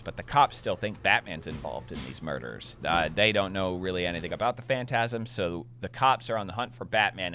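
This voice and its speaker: A man's voice: fairly low pitch, pushed and bright. A young man co-hosting a casual movie review chat, animatedly recapping scenes and tossing in playful voice impressions. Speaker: podcast co-host.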